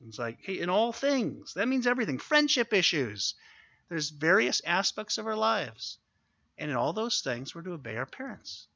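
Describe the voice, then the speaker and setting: A man preaching a sermon, earnest and exhorting, who slows down to stress key points. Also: on the high side, bright, forceful tone, dry recording, lo-fi sound. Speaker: pastor.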